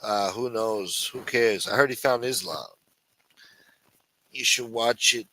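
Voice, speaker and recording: A man's voice: mid-range voice, slow pace, rough recording. A man hosting a late-night live stream, chatting casually and profanely with his viewers. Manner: profane, animated and chatty with chat. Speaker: livestream host.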